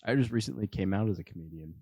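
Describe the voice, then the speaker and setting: A man's voice: lowish voice, racing, creaky, warm tone, slightly rough, dry recording. A young man co-hosting a comedy podcast, teasing his friend in casual chat. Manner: teasing, playful.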